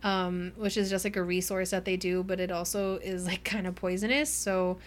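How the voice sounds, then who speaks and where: A woman's voice: on the low side, steady tone, normal speed, a little hiss or hum. A woman co-hosting a podcast, recapping a book in a chatty, rambling way with lots of fillers. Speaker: podcast co-host. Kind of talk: casual book discussion.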